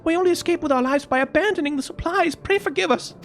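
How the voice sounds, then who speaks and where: A woman's voice: very high voice, fast, slight background noise. An actress playing an injured young female soldier, shaken and pleading. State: injured, coughing.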